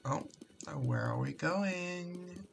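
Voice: medium pitch, lively intonation, slow, creaky, over music. A channel host giving casual commentary while playing an online game, who mumbles and often trails off into exasperated exclamations. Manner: frequent exasperated exclamations and swearing. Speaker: Roblox gameplay streamer.

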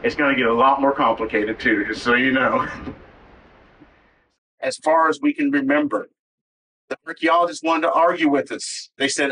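A man from Oklahoma gives a relaxed outdoor talk as a tribal cultural educator, teaching phrases and joking with his listeners. He sounds distant from the mic, with faint noise behind him. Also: medium pitch, a little slow. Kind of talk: outdoor talk to a visiting group. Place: outdoors at a waterfall site.

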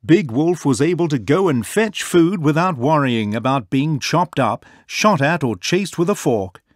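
A man in his twenties reading a children's storybook aloud in an expressive way. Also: a little high, a little slow, no room sound. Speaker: storybook reader.

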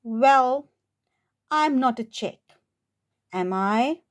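Woman doing a grumpy sighing cat, slow and whiny, storybook voice. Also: on the high side, animated. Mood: grumbling. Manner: sighing, complaining. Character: grumpy put-upon male cat.

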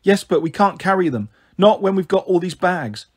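A caring, bossy big-sister girl, voiced by a man in a read-aloud storybook. She talks in a brisk, mothering way, pitched higher than the narration. The tone stays husky and sing-song. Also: expressive.

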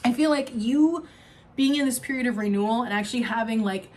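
A young adult woman giving an oracle card reading to camera, gushing and excitable, laughing often and trailing off mid-sentence. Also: a little high, brisk. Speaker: tarot card reader.

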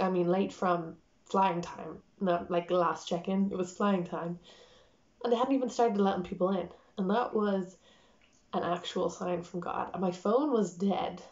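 A woman in her twenties vlogs in a loose, rambling way, full of filler words and animated asides. Her voice sits at a mid pitch. The sound is a little dull and echoes off the room. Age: 20s. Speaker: vlogger. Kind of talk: casual storytelling to camera. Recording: roomy, slightly dull home recording.

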